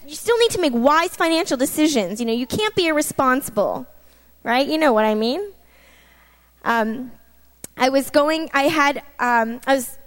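High-voiced woman preaching. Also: long reverb tail. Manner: personal and emphatic, with frequent asides to the listeners. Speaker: preacher sharing a testimony. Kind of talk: conversational sermon testimony.

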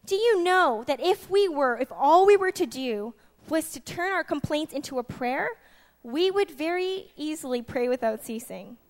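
A woman in her twenties preaching a sermon, chatty and lively, moving from soft asides to loud, laughing bursts. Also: sits high, normal speed. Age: 20s. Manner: chatty, with many restarts and fillers.

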